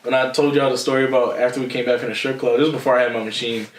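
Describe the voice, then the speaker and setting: He talks very fast in a medium pitch, captured from a distance in an echoey room over a noisy crowd. The speaker is a young podcast co-host from the Philadelphia area, animated in his storytelling, acting out quotes and laughing a lot in casual chat.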